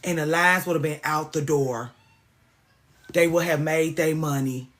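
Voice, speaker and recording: A woman's voice: low-pitched, fairly even intonation, measured pace. A woman hosting a casual livestream, ranting with plenty of swearing and greeting viewers by name. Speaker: livestream host.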